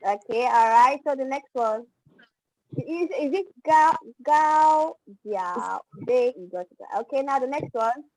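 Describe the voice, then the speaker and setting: A woman's voice: high-pitched, normal speed, a little mellow, no echo, poor audio. A woman teaching an online class over a video call, patiently modeling pronunciation for students to repeat.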